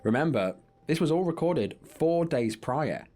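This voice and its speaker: A man giving measured, grim scripted narration for an online documentary. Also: fairly high pitch, expressive, warm tone.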